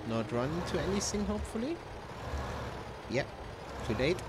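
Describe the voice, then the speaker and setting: A man's voice: fairly high pitch, sing-song, normal speed, heavy background noise. A man giving casual gameplay commentary, rambling with many ums and uhs. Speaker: gameplay video host.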